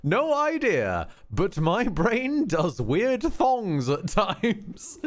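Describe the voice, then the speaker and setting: A man streaming a video game jokes and swears his way through it in an unhurried, lively voice. His pitch swings widely as he reacts, while faint game music plays in the background. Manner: playful, crude, jokey. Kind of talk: casual gameplay commentary.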